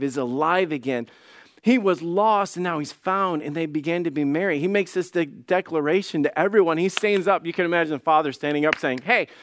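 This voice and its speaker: A male lead pastor preaching a sermon with passion, swinging between soft pleading and loud declarations, and acting out the voices in the story he tells. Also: fairly high pitch, no echo, clean studio sound. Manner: acts out quoted voices in his telling.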